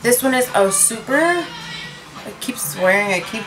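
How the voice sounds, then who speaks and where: A woman's voice: a little high, animated, normal speed, over music, low-quality recording. Rambling chatty woman reviewing lipsticks. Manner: rambling, chatty, self-mocking; drops Spanish words into her talk. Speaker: beauty vlogger reviewing lipsticks. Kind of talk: casual chat. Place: her own room at home.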